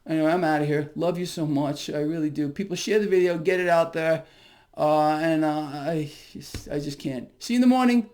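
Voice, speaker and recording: With a Brooklyn accent, a man delivers a fired-up, emphatic market commentary rant to his viewers, swearing and hyped up. His voice is a little high and darkish, and he talks fairly quickly.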